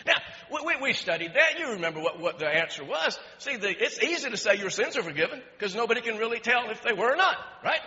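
High, bright-voiced preacher in a hall. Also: male voice, quick pace. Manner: animated preaching, rising to near-shouts with laughs. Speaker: pastor. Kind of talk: sermon. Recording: muffled sound with long hall reverb.

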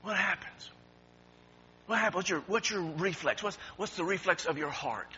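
A pastor preaching a sermon, swinging from quiet talk to shouting and repeating his words. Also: high voice, moderate pace, a little hiss or hum. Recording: dull lo-fi recording.

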